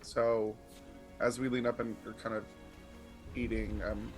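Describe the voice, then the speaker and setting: A man's voice: on the low side, little pitch movement, a little slow, soft background music. A man playing a tabletop game, speaking hesitantly and checking details with the game master. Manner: hesitant, asks questions. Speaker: player.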